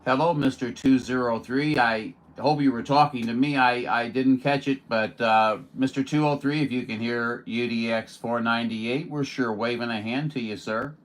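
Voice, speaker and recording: A man's voice: mid-range voice, fairly even intonation, moderate pace, few pauses. A man from Missouri, a radio operator chatting in a casual, folksy, joking way with other stations. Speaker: radio operator streaming contacts. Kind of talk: casual ham radio chat.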